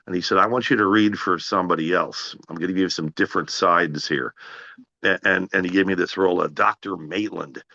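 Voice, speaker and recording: A man's voice: sits low, brisk, creaky, lo-fi sound. A middle-aged man, an actor being interviewed, telling long anecdotes with many stammered restarts and acted-out quotes of other people. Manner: animated anecdotes, acts out others' lines, frequent stammered restarts. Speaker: actor guest. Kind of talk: casual interview storytelling.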